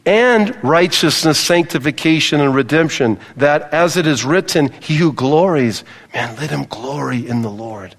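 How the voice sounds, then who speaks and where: A man's voice: fairly high pitch, lively intonation, a little slow, hardly any pauses, in a large hall. A male pastor preaching a sermon, emphatic, repeating key phrases and calling on the congregation to respond.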